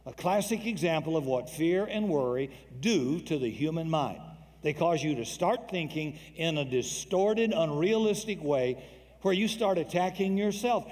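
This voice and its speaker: A man's voice: a little high, expressive, moderate pace, a little mellow, long reverb tail. A man preaching a sermon in a folksy, joking, emphatic way.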